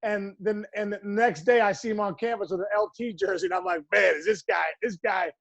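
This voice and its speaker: A man in his forties, a former pro ballplayer, chatting as a podcast guest and telling animated, laughing stories with quoted lines. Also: high voice, a little fast, dry recording, muffled recording. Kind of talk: casual storytelling chat.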